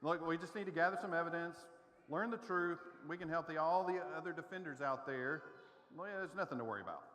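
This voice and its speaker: Casting: a man as a cheery defender captain rallying kids, bright voice, church hall reverb. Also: on the high side, fast, lightly acted. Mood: reassuring. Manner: reassuring, rallying, a little rambling. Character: upbeat adult man leading young defenders. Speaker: skit performer. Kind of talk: children's church skit. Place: church auditorium.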